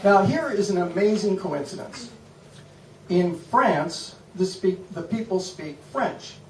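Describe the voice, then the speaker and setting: Stand-up comic, American man, high voice, deadpan and self-mocking, roomy distant club recording. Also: slow pace. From United States. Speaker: stand-up comedian. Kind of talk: stand-up comedy set. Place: comedy club stage. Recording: echoey room from far off, loud noise.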